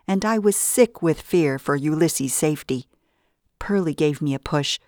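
A woman narrating a first-person audiobook in a steady storytelling manner. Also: low voice, unhurried, no room sound, clean studio sound.

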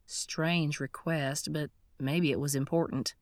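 A woman reads a first-person story in a steady, scripted narration. Her voice sits on the low side, and the recording is dry and close with no room sound. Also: moderate pace, no room sound. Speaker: audiobook narrator.

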